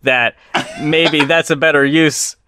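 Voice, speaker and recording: Podcast host guy, smooth clear voice, close dry mic, calm and opinionated. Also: fairly high pitch, no room sound. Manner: measured, opinionated, dry delivery. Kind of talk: casual chat.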